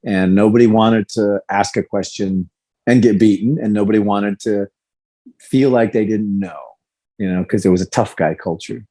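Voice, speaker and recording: A man in his fifties with a fairly low voice speaks as a podcast guest, recounting his past in a candid, lively way. He slips into acted-out quotes as he tells the story. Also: moderate pace. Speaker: guest, former fighter.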